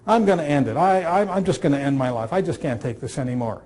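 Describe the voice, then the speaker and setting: A man's voice: a little high, fast talker, darkish tone, lightly acted. A man voicing a distraught teenage schoolboy who threatens to jump, pleading and stammering in despair.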